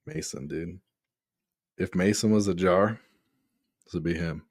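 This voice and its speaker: A man's voice: deep voice, measured pace. A man co-hosting a podcast in casual chat, laid-back and jokey. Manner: laid-back, jokey, quotes others in put-on voices. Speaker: podcast co-host. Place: small home studio room.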